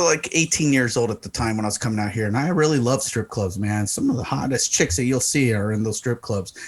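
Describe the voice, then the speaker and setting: A man telling a long story on a podcast, with a voice of middling pitch. He is animated and loose, and his pitch jumps up whenever he wants to stress a point. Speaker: podcast co-host. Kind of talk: casual storytelling.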